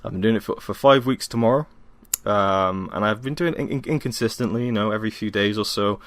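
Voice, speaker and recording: Fresh off a workout and tired, a young man from Wales hosts a solo podcast at home in a casual, rambling way, self-deprecating and full of ums. His pitch is fairly low, he talks fast, and there's no echo.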